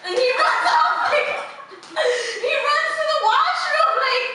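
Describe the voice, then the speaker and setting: A bright, high-voiced young woman doing loose, giggly stand-up, full of "like" and swearing. She sounds distant from the mic in an echoey room, with faint noise behind her. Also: big pitch swings, takes it slowly. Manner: rambling, giggly, profane, lots of "like". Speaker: open mic comedian. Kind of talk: improvised stand-up comedy. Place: small open mic venue.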